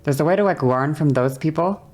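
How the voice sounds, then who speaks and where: A woman's voice: sits low, fairly quick, a little mellow. A woman streamer chatting casually about voice technique, rambling with many restarts and apologies. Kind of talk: casual livestream chat explaining voice technique.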